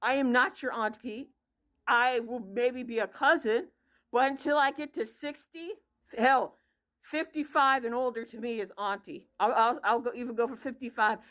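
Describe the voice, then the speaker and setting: Woman, 30s, high-pitched vlogger, blunt profane ranting storyteller. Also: fairly even intonation, normal speed, fairly bright tone. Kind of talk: casual vlog rant.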